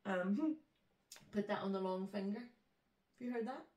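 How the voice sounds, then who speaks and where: A woman's voice: medium pitch, measured pace, warm tone. A woman co-hosting a podcast, chatting in a playful, giggly way. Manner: giggly, playful, jumps between words. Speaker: podcast co-host. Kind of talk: casual chat. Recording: echoey room, distant mic.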